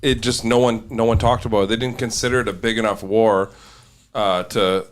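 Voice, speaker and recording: A man's voice: fairly low pitch, level tone, brisk. A man co-hosting a podcast, chiming in with remarks in casual chat. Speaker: podcast co-host.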